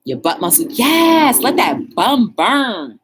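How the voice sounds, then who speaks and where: A woman hosting her own talk show, chatting casually and coaching a viewer with playful, animated encouragement. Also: slow pace, background noise. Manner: animated, playful, coaching with squealing high bursts and laughs.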